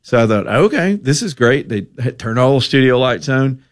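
A male radio host from Alabama, telling stories in an animated, ad-libbing talk radio manner and reading a sponsor plug. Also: medium pitch, moderate pace, no room sound, studio quality. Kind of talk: talk radio chat and storytelling.

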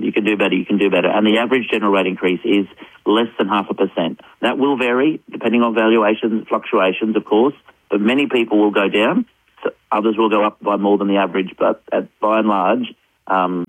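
A man with an Australian accent, a mayor talking on a radio interview in a brisk, upbeat and persuasive way. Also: lowish voice, no echo, poor audio.

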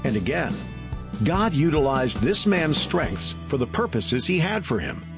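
A man reading a scripted devotional outro as a radio program announcer, in a smooth, reflective manner. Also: on the high side, sing-song, a little slow, music in the background.

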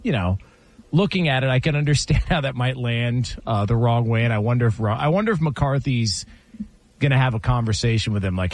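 A man's voice: medium pitch, a little fast. A man hosting a sports radio show, chatting casually and telling stories with frequent laughter. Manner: animated storyteller, laughs often.

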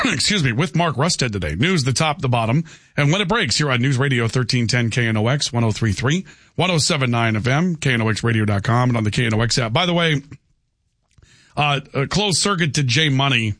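A man's voice: mid-range voice, expressive, fairly quick, fairly bright tone, dry recording, studio quality. A man hosting talk radio, chatty and folksy, wandering from topic to topic in loose banter. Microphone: studio microphone.

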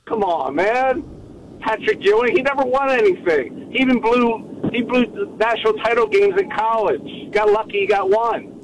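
A man's voice: high-pitched, normal speed. Wisecracking male caller on noisy line. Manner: wisecracking, hesitant fillers. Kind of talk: call-in phone chat.

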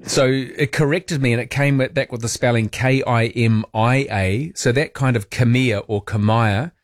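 A playful, chatty male radio host taking calls from listeners. He talks at an everyday pitch, jokes freely, and sounds close and dry on a studio mic. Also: fairly even intonation, moderate pace, no room sound. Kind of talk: casual chat with callers. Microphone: studio microphone.

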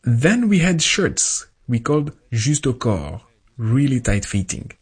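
Husky man reading a voice-over. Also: medium pitch, very animated, measured pace. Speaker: voice-over interpreter. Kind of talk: translated first-person voice-over.

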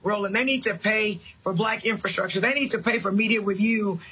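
High, bright, husky-voiced man. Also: a little fast, poor audio. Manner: blunt and insistent. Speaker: political guest. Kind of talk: interview clip.

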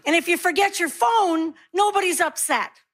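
A woman's voice: extremely high pitch, normal speed, background noise. A woman in her sixties doing stand-up comedy on stage, wry and self-mocking, acting out other people's lines. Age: 60s. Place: comedy stage before a laughing crowd.

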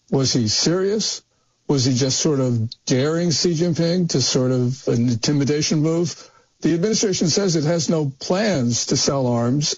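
A man co-hosting a talk radio discussion, asking measured, pointed questions. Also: medium pitch. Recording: dull lo-fi broadcast audio.

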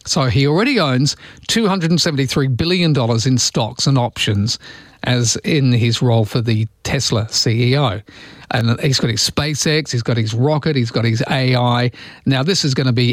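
Jokey Australian radio host, dry studio. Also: male voice, mid-range voice, no room sound. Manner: chatty, jokey, rambling, voice often leaping up. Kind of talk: casual radio chat. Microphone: studio microphone.

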